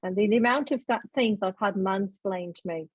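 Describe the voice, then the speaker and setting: Frank, self-mocking middle-aged woman guest; husky tone, dry close sound. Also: mid-range voice, normal speed, dry recording, muffled recording. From Sheffield, England. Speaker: law professor, podcast guest. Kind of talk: casual interview chat.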